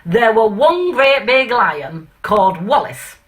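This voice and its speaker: A woman's voice: medium pitch, very animated, slow, a bit bright. A woman reciting a comic monologue poem in a put-on northern English accent, after a chatty introduction full of fillers.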